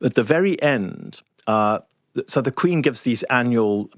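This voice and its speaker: An older man from Zimbabwe, a guest writer, telling stories in a wry, measured conversational way with frequent restarts. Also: mid-range voice, lively intonation, no room sound, studio quality. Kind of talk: reflective conversational storytelling.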